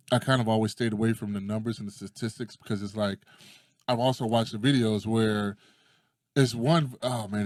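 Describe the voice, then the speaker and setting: Animated storytelling man, dry sound. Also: fairly low pitch, no room sound. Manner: animated storyteller who acts out quotes and swears freely. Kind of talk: casual chat.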